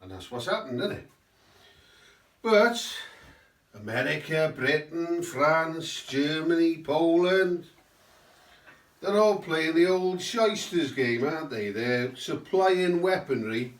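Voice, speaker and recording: Slow, rambling man in a roomy space. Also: fairly high pitch, expressive. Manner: rambling, with tag questions. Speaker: host. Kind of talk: satirical political monologue. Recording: roomy, mic at a distance.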